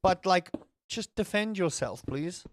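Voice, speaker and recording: A man commentating his own game in a casual let's-play. He is excitable, swears freely and rambles in asides. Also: sits high, a little slow, background noise. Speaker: gaming streamer.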